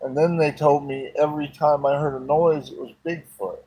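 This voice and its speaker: A man's voice: fairly high pitch, steady tone, moderate pace, dark tone, husky, poor audio. A man voicing a frightened teenage girl hiker who is close to tears and pleads in a panic. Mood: scared.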